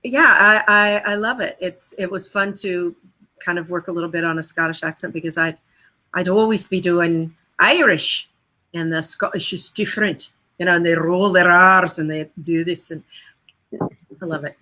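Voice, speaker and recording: Bright, enthusiastic woman vocal coach. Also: on the low side, normal speed, low-quality recording. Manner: enthusiastic, animated storyteller who slips into voices. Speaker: singer and vocal coach, guest. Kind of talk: casual interview chat.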